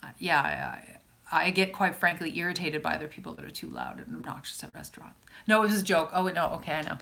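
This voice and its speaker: A woman with a Canadian accent from Calgary, chatting loosely with her viewers. Her voice sits a little low but sounds bright and forceful. She rambles, breaks off, and restarts her sentences as she answers comments. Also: sing-song, fast talker, gravelly. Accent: Canadian, Calgary Alberta. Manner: rambling, self-interrupting, chatty. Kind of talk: casual live chat.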